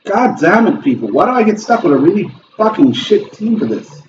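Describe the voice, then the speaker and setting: A man's voice: high-pitched, very animated, brisk, reverberant, recorded from a distance, muffled recording, noisy background. Heated, profane man ranting over gameplay. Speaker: gaming channel host. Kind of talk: ranting commentary while playing a game.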